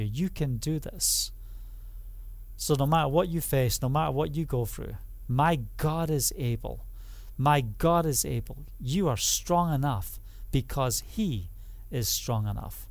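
Emphatic high-voiced male preacher. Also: takes it slowly, no room sound. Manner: emphatic, repetitive, rising to exclamations. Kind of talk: sermon.

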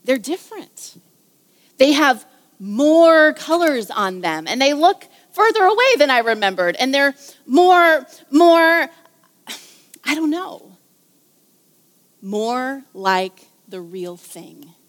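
A woman voicing a gentle young girl who speaks softly and slowly, searching for words. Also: medium pitch, sing-song, big-room sound. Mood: wondering. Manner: soft, slow, searching for words.

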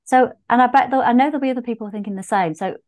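A woman's voice: a little high, rapid-fire, darkish tone. A woman hosting a podcast interview, chatting casually and asking questions with frequent fillers. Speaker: podcast host.

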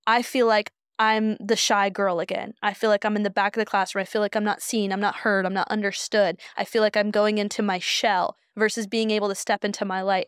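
A soft-spoken woman co-hosts a podcast in a calm, reflective way. Her voice is smooth and clear, sitting at an ordinary pitch, and it sounds dry and close, with no room around it. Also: dry recording. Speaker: podcast co-host. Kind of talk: casual chat.

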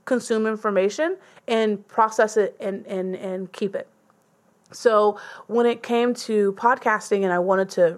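A young woman hosting a casual chat, loose and conversational with many fillers. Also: mid-range voice.

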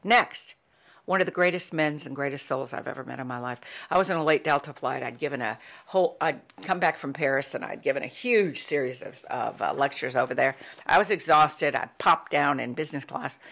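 A middle-aged woman giving an inspirational talk, telling heartfelt stories in an emphatic, warm storytelling manner. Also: low-pitched, fairly quick, creaky. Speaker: motivational speaker.

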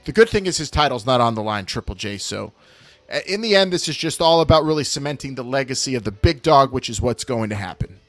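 Excitable man chatting about wrestling. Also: medium pitch, quick pace, dry recording, faint music behind. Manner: loud, excitable, chants catchphrases. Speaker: podcast co-host. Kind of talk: casual wrestling chat.

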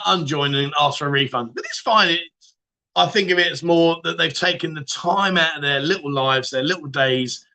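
Bright-voiced joking man. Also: a little high. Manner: chatty, joking, swears, laughs often. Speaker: livestream chat show host. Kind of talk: casual livestream chat reading viewer comments.

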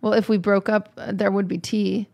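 A woman's voice: mid-range voice, little pitch movement, normal speed, darkish tone. Teasing, giggly woman podcast host. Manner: teasing, laughs often, rambling restarts. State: a little out of it. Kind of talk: casual chat. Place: studio, seated beside the co-host.

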